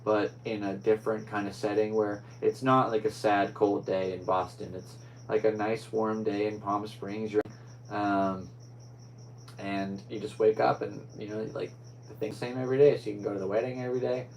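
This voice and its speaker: A man's voice: on the low side, little pitch movement, normal speed, darkish tone, a little hiss or hum, low-quality recording. Easygoing man rambling through a podcast. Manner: rambling, easygoing, upbeat sign-offs. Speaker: podcast host. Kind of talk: casual solo podcast chat.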